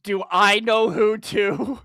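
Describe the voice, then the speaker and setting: A man's voice: sits high, steady tone, slow pace, pushed and bright. A man playing in a tabletop role-play podcast, chatting and laughing in a reassuring way. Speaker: player.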